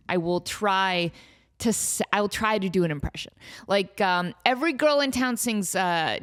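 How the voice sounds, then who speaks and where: A woman in her thirties hosting a casual solo comedy podcast, chatty and self-deprecating, often breaking off mid-thought. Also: fairly low pitch. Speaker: podcast host.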